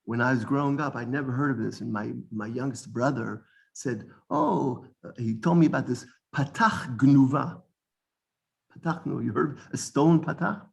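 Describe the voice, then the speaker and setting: A man's voice: mid-range voice, normal speed, gravelly. A male teacher giving a classroom lesson, explaining points, quizzing the class with questions and wandering into asides as he corrects his own wording.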